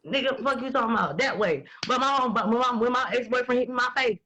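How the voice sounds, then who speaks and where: A woman, talking in blunt, profane and animated casual chat as host. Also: on the high side, fast talker, a little hiss or hum, poor audio. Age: 20s.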